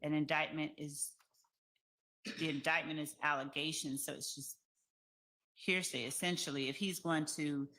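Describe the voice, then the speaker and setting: A woman attorney making a legal objection in court, measured, with occasional fillers. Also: mid-range voice, steady tone, sharp tone.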